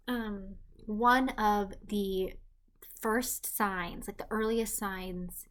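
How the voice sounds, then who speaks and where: A young woman gives a rambling, self-deprecating vlog update, drifting between tangents. She talks softly at times, dropping into hushed, breathy asides, and her voice sits in an ordinary middle pitch for a woman. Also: fairly even intonation, extremely slow, a little hiss or hum. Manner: quiet and hushed at times, while her partner sleeps. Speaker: vlogger. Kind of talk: casual pregnancy update vlog.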